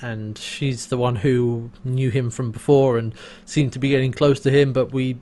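A man's voice: medium pitch, level tone, moderate pace, dark tone, a little hiss or hum. A man co-hosting a podcast, casually retelling a TV episode scene by scene, with quoted lines and laughter. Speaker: podcast co-host recapping an episode. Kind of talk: casual chat.

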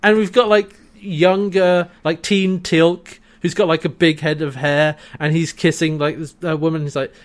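Male co-host, high pitch, animated episode recap. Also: normal speed, hardly any pauses. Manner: animated, acts out characters' lines with laughs. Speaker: podcast co-host. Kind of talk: casual chat recapping a TV episode.

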